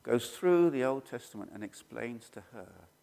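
A middle-aged man preaching a sermon, telling stories and acting out the quoted voices with sudden leaps in pitch. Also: moderate pace, vocal fry. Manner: animated, acts out quoted voices with jumps in pitch. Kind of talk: sermon storytelling. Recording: long hall reverb.

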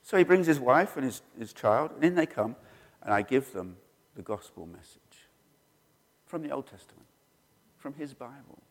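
A middle-aged man preaching a sermon, telling stories and acting out the quoted voices with sudden leaps in pitch. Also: normal speed. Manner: animated, acts out quoted voices with jumps in pitch. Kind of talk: sermon storytelling. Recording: long hall reverb.

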